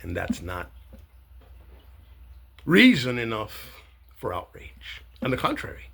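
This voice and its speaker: A man's voice: medium pitch, huge pitch swings, slow pace, creaky, a bit bright, slight background noise. A man giving a rambling, sarcastic monologue to camera, with many hesitations and filler sounds. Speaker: commentator.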